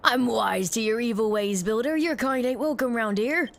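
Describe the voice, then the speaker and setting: A woman voicing a stern, zealous village man who speaks slowly and accusingly. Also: a little high, gravelly. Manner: slow, accusing.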